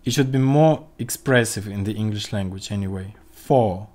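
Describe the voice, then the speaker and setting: A man teaching a livestreamed vocabulary lesson, slowly modelling pronunciation and repeating sounds for his students. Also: lowish voice, a little mellow. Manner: slow, careful, demonstrates pronunciation by repeating sounds. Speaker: language teacher. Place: home room, streaming. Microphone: computer mic on a livestream.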